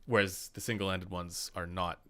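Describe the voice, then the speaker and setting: A man's voice: low-pitched, steady tone, moderate pace, pushed and bright. A young Canadian man with a Canadian accent hosting a casual live stream, chatty with lots of fillers and laughs. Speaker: podcast host.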